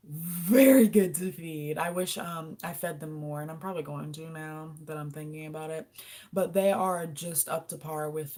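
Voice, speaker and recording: A woman's voice: deep voice, a little mellow. A young woman hosting a casual livestream, answering viewer questions and cooing affectionately to her pet lizard. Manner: chatty, coos baby talk to her lizard. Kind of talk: casual live-stream chat.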